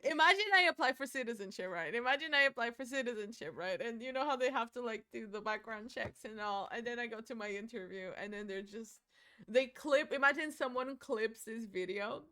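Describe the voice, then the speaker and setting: A woman's voice: fairly high pitch, a little fast, sharp tone, smooth. A woman streamer chatting casually to her viewers while she does her makeup. She is dramatic, swears freely and laughs easily. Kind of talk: casual live-stream chat.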